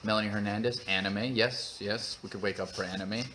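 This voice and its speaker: Goofy low-voiced man chatting. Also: steady tone, a little fast, pushed and bright, slight background noise. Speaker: vlog host reading live chat. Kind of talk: casual live-stream chat.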